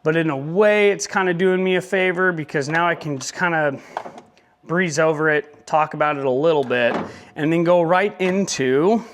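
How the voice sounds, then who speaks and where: A man's voice: on the high side, moderate pace, a little hiss or hum. A young man talking casually in a motorcycle vlog, rambling with joking asides. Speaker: motovlogger.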